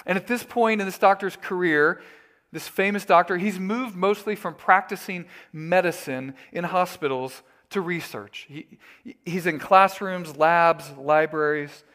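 Earnest preacher guy giving a sermon, kinda high voice, tells stories. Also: fairly bright tone. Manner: earnest, emphatic, storytelling. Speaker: pastor.

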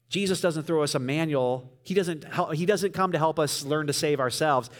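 A man preaching a sermon, telling the story vividly and swinging from loud emphasis to soft, quiet lines. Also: fairly high pitch. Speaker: pastor.

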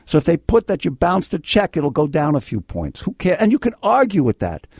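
An older man hosting a call-in legal advice radio show, blunt and excitable, swinging between yelling and calm. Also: on the high side, fairly quick, breathy edge, no room sound, studio quality. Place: radio studio.

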